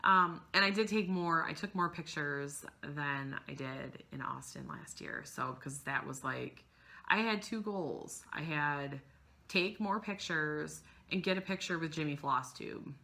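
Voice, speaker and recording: Woman, thirties, casual vlog chat, lowish pitch, bright edge, rambling, teary. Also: a little slow, creaky. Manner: rambling, gushing, trails off mid-sentence. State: emotional, close to tears. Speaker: cross-stitch vlogger.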